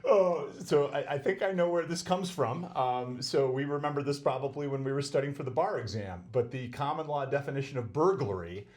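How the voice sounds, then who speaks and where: A man's voice: medium pitch, a little fast, few pauses, darkish tone. A man co-hosting a legal podcast as a criminal defense lawyer, bantering wryly and playfully. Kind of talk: casual podcast chat.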